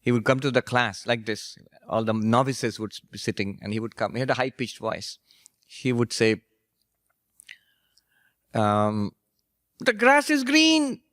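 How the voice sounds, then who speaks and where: A monk and spiritual teacher giving a storytelling lecture, anecdotal and gently humorous. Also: male voice, on the low side, steady tone, measured pace, pauses often, no room sound, studio quality. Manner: anecdotal, gently humorous, laughs at his own stories.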